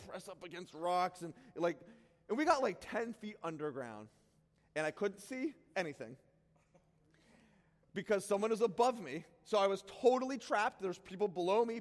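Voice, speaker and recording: Man, pastor, sermon storytelling, high voice, sudden shouts, long hall echo. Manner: animated, self-deprecating, bursts into shouts.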